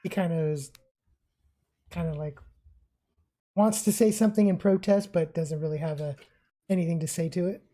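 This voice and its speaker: A woman's voice: lowish voice, normal speed, pauses often, dark tone. A woman narrating as game master in a casual, hedging way.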